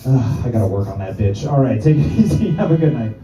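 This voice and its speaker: A man's voice: medium pitch, lively intonation, fairly quick, background noise. A man doing a stand-up set, crude and self-mocking, full of rambling asides. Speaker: stand-up comedian. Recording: echoey room, far from the mic, dull.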